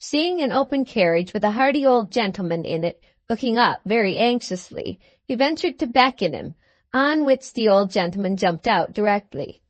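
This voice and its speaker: A woman narrating a classic novel as an audiobook, reading in an even, measured way. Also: mid-range voice, no room sound. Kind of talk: scripted narration.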